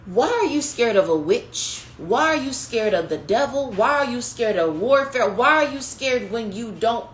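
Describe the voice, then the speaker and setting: A woman with a fairly high voice preaches a prophetic teaching in a lively, conversational way, leaning in and then rising to a shout. She talks to listeners as "baby" and "y'all". The room is echoey, with a faint hiss behind her. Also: normal speed, hardly any pauses. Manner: passionate, conversational preaching with sudden rises and drops. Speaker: podcast host and preacher.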